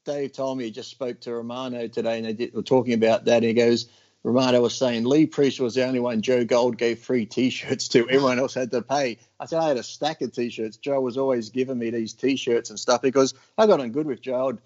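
A man telling gym stories in casual chat, acting out other people's lines in loud bursts. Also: medium pitch, fairly even intonation, brisk, highs cut off. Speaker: podcast guest.

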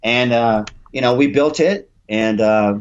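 A man's voice: medium pitch, unhurried, smooth, lo-fi sound. A gym owner and trainer in his fifties, talking bluntly and rambling with a lot of swearing in a casual interview. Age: 50s. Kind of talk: casual podcast interview talk.

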